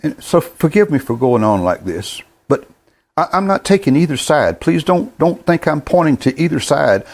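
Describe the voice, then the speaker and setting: A man in his seventies hosting a show, talking earnestly in a plain-spoken monologue, often stumbling and repeating words as he goes. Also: fairly high pitch. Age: 70s. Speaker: host.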